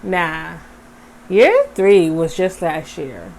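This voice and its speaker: Animated young woman chatting to viewers. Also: on the low side, drawn-out words, creaky. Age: young adult. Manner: animated, talks straight to viewers. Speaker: vlogger. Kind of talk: casual storytime chat.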